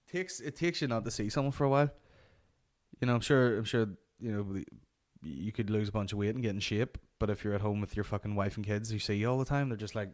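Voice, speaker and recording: Male comedy host with a lowish voice and a sweary, rambling storyteller manner. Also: quick pace. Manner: profane, rambling anecdotes. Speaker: podcast host. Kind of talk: comic storytelling.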